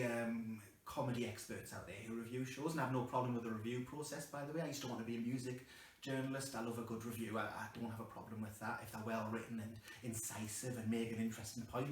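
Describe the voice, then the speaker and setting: A man's voice: medium pitch, slight background noise. A man with a South Tyneside accent doing a stand-up set at home, dry and sweary with rambling asides. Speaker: stand-up comedian. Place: his house. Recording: roomy room, mic at a distance.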